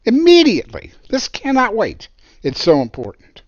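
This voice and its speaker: A blunt older male building inspector, curt and stern, as a man puts him on. The voice has a lively pitch range. The recording is dry and dull. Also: moderate pace, no room sound, natural voice. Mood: urgent stern.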